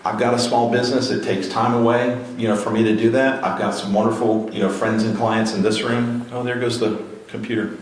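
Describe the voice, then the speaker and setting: Speaking fairly quickly in a lowish, level voice, a man delivers a motivational talk at a grassroots political gathering. He keeps firing rallying questions at the crowd in an event room, and the recording is very echoey with faint noise.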